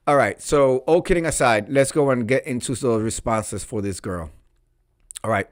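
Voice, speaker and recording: A man's voice: mid-range voice, lively intonation, normal speed, dry recording. Campy guy reading confessions to his viewers, dry close sound, sassy little asides. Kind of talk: casual chat.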